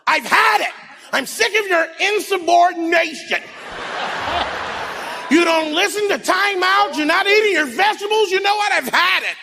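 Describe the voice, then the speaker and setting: A comedian voicing a fed-up suburban mother who snaps at her kids in a shrill, exasperated voice. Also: expressive, normal speed, vocal fry, a little hiss or hum, exaggerated voice. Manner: shrill, exasperated, rising to yells. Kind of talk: stand-up comedy bit. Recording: played clip with music underneath.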